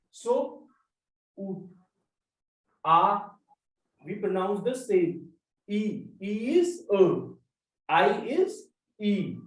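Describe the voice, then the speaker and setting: A teacher walks through a language lesson at an unhurried pace, repeating each example and its meaning. The voice sits in an echoey room, picked up from some distance away from the mic. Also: mid-range voice, warm tone. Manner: slow, repetitive drilling of examples. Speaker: French teacher. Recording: roomy echo, mic far off.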